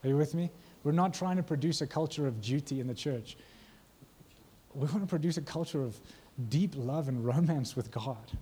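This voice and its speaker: Warm, husky-voiced male preacher. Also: fairly high pitch, normal speed. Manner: conversational, asks the congregation questions. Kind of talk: sermon.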